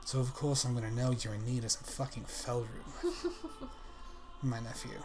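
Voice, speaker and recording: A man voicing a scheming older uncle in a tabletop game, speaking with slow, theatrical menace. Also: mid-range voice, level tone, close to an everyday voice. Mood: smug. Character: scheming older male uncle, creepy and sly.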